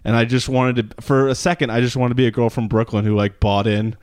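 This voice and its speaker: A man co-hosting a casual comedy podcast, rambling and jokey, swearing freely and jumping into silly high voices. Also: flat delivery, quick pace, clear, resonant tone, dry recording, studio quality. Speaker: podcast co-host.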